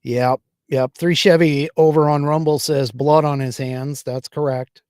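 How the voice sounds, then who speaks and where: A man's voice: on the high side, steady tone, measured pace, a little mellow, clean tone, no echo, studio quality. A man from the United States hosting a livestream political podcast, talking casually and rambling with many fillers and restarts. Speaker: podcast host.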